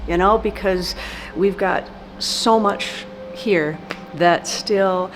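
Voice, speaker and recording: A woman speaking on camera about a painful loss, halting and emotional with many fillers. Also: mid-range voice, long reverb tail, music in the background. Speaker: team member remembering the host. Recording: noisy recording.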